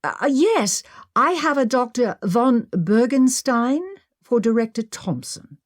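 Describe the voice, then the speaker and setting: A woman narrator voicing a polite young female museum docent with a crisp British accent. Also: fairly high pitch, animated, slow pace, no room sound, clean studio sound, voice pushed up.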